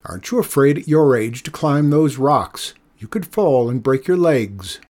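A man voicing a gruff, rude old lighthouse keeper who calls out mockingly in a storybook reading. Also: mid-range voice, expressive, normal speed, darkish tone, natural voice.

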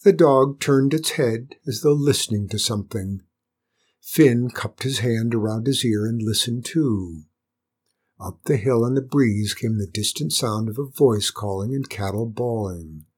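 A man reading a storybook aloud in a calm, measured, gentle way. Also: medium pitch, slightly rough. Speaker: narrator.

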